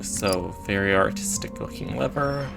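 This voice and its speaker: Gravelly man in casual game commentary. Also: fairly low pitch, moderate pace, over music. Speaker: gamer.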